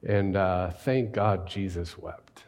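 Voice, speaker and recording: A man preaching a sermon in a conversational, questioning way, dropping to a hush on key words. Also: deep voice, steady tone, takes it slowly. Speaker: pastor.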